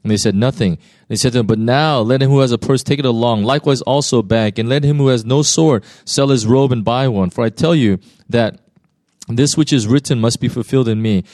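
A man's voice: medium pitch, fairly quick, darkish tone, no echo, studio quality. A man, a pastor, reading a Bible passage aloud and then preaching in a loose, conversational way, with many fillers and restarts. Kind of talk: scripture reading and sermon.

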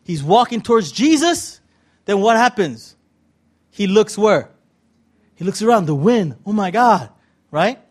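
Animated high-voiced male preacher. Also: unhurried, long pauses, slightly rough. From California. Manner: animated, conversational, playful asides. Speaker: pastor. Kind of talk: sermon.

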